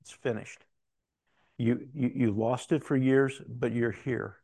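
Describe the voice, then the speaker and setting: A man's voice: medium pitch, steady tone, slow pace, warm tone, dry recording. A man telling a personal story in a conversational, rambling way, with restarts and quoted dialogue. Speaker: Christian speaker telling a story.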